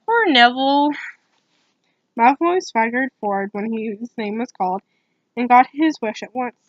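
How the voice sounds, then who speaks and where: A woman's voice: fairly high pitch, animated, moderate pace, dry recording, dull audio. A woman giving an ASMR storybook reading, with casual asides between passages. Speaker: storybook reader.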